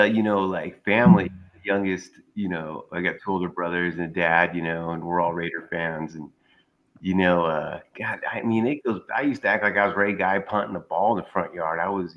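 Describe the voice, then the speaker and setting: Rambling man with a low voice. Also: moderate pace, dull audio. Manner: rambling, filler-heavy storytelling. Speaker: guest caller. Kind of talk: casual chat.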